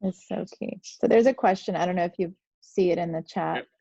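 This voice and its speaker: A woman hosting an online session, calm and gentle, inviting people to share. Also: fairly low pitch, a little fast, vocal fry, husky, dry recording, highs cut off. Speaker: host.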